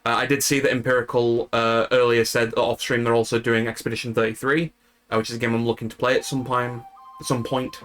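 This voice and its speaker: Talking quickly in a mid-range voice that barely moves in pitch, this man from Yorkshire in northern England chats loosely with his live viewers. His Yorkshire accent and slightly bright tone carry a stream of fillers and false starts.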